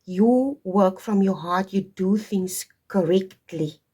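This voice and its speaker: Slow, husky woman reading tarot. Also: medium pitch, warm tone. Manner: digressive, emphatic, stops to stress points. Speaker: tarot reader. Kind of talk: casual spoken astrology reading.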